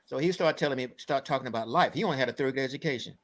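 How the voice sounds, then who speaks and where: A man's voice: medium pitch, racing, fairly bright tone. An older man being interviewed as a guest, telling personal stories in an earnest, emphatic, rambling way. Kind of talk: conversational storytelling.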